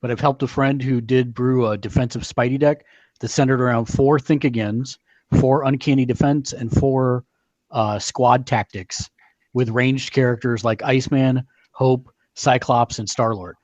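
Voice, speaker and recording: A man's voice: medium pitch, fairly even intonation, measured pace, darkish tone, dry recording, muffled recording. A man in casual talk over a card game, reading out viewer comments and weighing strategy. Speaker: card game player and co-host. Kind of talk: casual gameplay chat.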